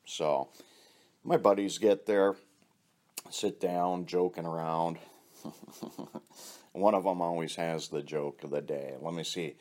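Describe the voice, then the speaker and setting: A man with a very low, deep voice spins loose, rambling stories in a casual, offhand way. He swears freely and chuckles at his own jokes as he goes. The tone is relaxed and conversational, as if talking to a friend. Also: slow, long pauses. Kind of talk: casual storytelling.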